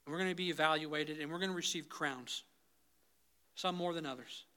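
Man, pastor, sermon, high voice, very bright tone, builds to loud passion then drops soft. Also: a little fast, smooth. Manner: swings from loud, rising intensity to soft, low pleading; repeatedly addresses the congregation as "guys".

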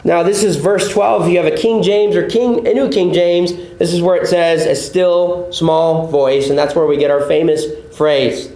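A male pastor teaching a sermon with a fairly high voice. He works through the text patiently, repeating his points and asking his listeners questions. The room around him rings with echo. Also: steady tone, normal speed, hardly any pauses, mellow. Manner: explanatory, repeats points, asks the audience questions.

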